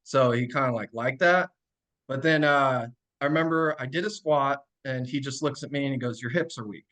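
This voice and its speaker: A man's voice: mid-range voice, normal speed. A man in his thirties, a podcast guest and strength coach, telling stories casually with lots of fillers. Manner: relaxed, many fillers, laughs while telling stories. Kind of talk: casual storytelling.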